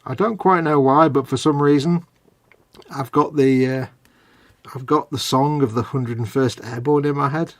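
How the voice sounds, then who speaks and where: A man's voice: mid-range voice, normal speed. A man from the UK co-hosting a casual hobby stream, jokey and playful, slipping into silly voices as he chats while model building. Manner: jokey, slips into silly voices and sung snatches. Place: home hobby workshop.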